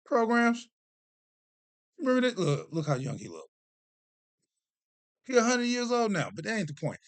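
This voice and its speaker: A man hosting a casual vlog, talking straight to the camera. He tells stories in an animated, joking, self-deprecating way, his voice sitting a bit high for a man. The sound is dry and close, with no room echo. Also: normal speed. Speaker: vlogger host.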